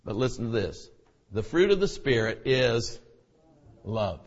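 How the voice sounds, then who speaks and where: A middle-aged male preacher giving a sermon, swinging between hushed near-whispers and loud shouted preaching. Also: medium pitch, very animated, a little slow. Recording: dull lo-fi recording with long hall reverb.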